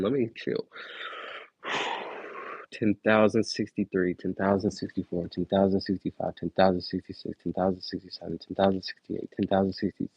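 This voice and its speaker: A man's voice: deep voice, little pitch movement, normal speed, creaky, husky, dry recording. Laid-back young man counting aloud. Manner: laid-back, slangy, chats to viewers between numbers. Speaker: livestreamer. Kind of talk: casual livestream counting aloud. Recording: dull lo-fi dry stream audio.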